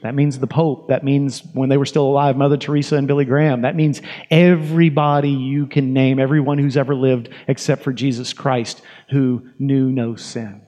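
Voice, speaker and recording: A man's voice: medium pitch, flat delivery, normal speed, few pauses, warm tone. A man preaching a sermon in a conversational, emphatic way, asking questions and repeating phrases for effect.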